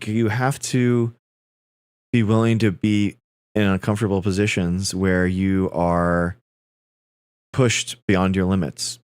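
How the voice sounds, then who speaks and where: Talking to his viewers as "guys," a thirtysomething man hosting a livestream drifts through rambling personal anecdotes. He has a low, resonant, slightly mellow voice, recorded clearly with no room sound.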